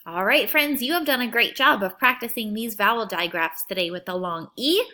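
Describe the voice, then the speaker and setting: A woman teacher leading a phonics lesson for young children, sounding out words slowly in an encouraging, sing-song way. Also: on the high side, pushed and bright. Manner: slow, stretched-out sounding of words.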